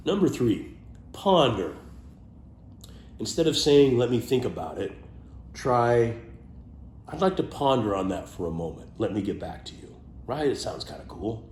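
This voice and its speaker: A man casually chatting about his favorite words, playful, trailing off into low muttered asides. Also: very animated, unhurried, pauses often, a little mellow, echoey room, a little hiss or hum. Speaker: vlogger sharing favorite words. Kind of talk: casual off-the-cuff monologue.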